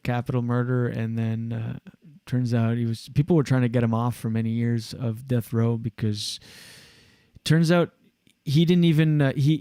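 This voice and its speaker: A male podcast host telling a long, meandering story in casual chat. He talks at an ordinary middle pitch, full of fillers. The sound is dry and close. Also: warm tone, clear, resonant tone, no echo. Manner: rambling storyteller, lots of fillers. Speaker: show host.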